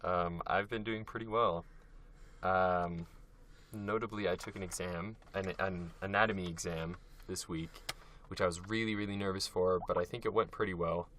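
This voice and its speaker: A young man co-hosting a podcast in casual chat, steering the episode and talking in halting bits with restarts. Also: low voice, steady tone, a bit bright, a little hiss or hum. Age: young adult. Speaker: podcast co-host.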